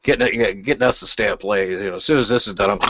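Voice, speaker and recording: Older man, podcast host, low voice, rambling, casual, dry lo-fi recording. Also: racing, fairly bright tone, slight background noise. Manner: easygoing, rambling with many fillers. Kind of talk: casual chat. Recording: dull lo-fi dry sound.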